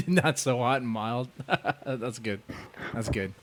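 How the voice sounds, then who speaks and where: A man's voice: mid-range voice, expressive, takes it slowly. Laughing, stammering male podcast host. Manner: laughs often, stammers and repeats words. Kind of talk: casual comedic chat.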